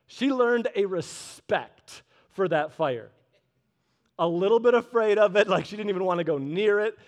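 A man in his thirties preaching a sermon, a lively storyteller who drops in joking asides. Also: sits high. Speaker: pastor. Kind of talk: sermon with personal stories.

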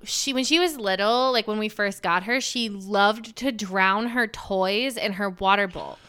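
A woman co-hosting a podcast, telling a home story in a casual, animated way and swearing now and then. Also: medium pitch, measured pace, clean tone. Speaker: podcast co-host. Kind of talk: casual chat.

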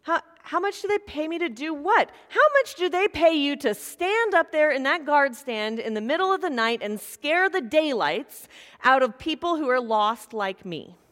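A woman doing a cheerful wise old rabbi, calm and teasing, higher voice, echoing hall. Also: normal speed. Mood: amused. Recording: long reverb of a large hall.

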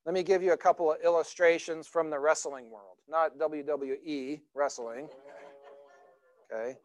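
A man's voice: on the high side, fairly even intonation, normal speed. A middle-aged man, a pastor, preaching a sermon in a loose, conversational storytelling way with many fillers and restarts.

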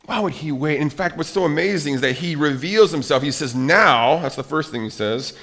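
A man preaching a sermon, reading scripture aloud with dramatic emphasis, swinging between loud urgent lines and quiet drawn-out ones, often correcting himself mid-sentence. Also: on the high side. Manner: frequent self-corrections and restarts while reading scripture. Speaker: pastor.

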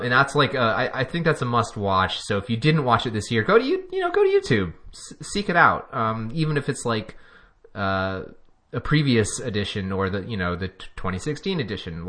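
A man's voice: on the low side, bright, forceful tone. A man co-hosting a podcast in casual chat, rambling and chuckling as he talks. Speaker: podcast co-host.

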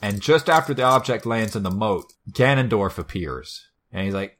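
Low-voiced wry podcast host. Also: male voice, expressive, moderate pace, fairly bright tone. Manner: swears a lot, wry storytelling. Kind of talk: casual chat.

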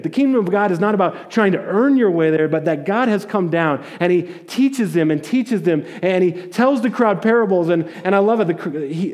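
A man preaching a sermon, retelling a story in a casual, animated way with jokes and acted-out quotes. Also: high voice. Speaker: pastor.

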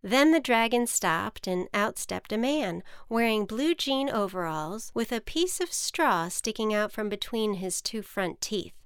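A woman hosts and reads a storybook tale aloud in a playful, expressive voice. She takes her time and leans on comic pauses. Her voice is smooth and clear, recorded close on a mic in a dry, dead room. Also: medium pitch, no room sound. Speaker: podcast host and storyteller. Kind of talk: storybook narration.

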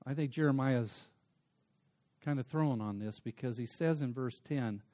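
A man preaching a sermon, dropping to soft asides and then rising to emphatic, stretched-out words. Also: medium pitch. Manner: swings between soft asides and emphatic raised passages; slows down to stress single words. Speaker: pastor.

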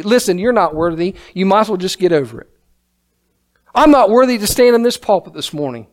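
A man with a very high-pitched voice preaching a sermon in a church sanctuary. He reads scripture and speaks emphatically, rising to exclamations. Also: animated, a little fast, long pauses.

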